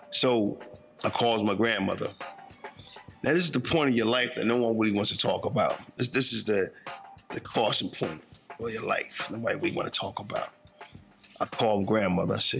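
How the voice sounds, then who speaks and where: Soft music underlies a briskly told life story from a northern New Jersey man in his fifties. His lowish voice is steady, creaky, and fairly bright, and his reflective, conversational telling is full of street slang and repeated "you know what I'm saying."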